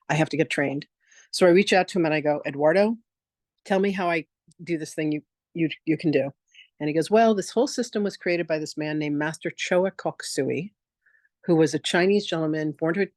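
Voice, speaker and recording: A woman's voice: deep voice, dry recording. Woman host, chatty storyteller, dry close video-call sound. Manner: chatty, animated, acts out quotes in a lively voice. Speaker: spiritual teacher hosting a free online masterclass. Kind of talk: casual storytelling on a live video session.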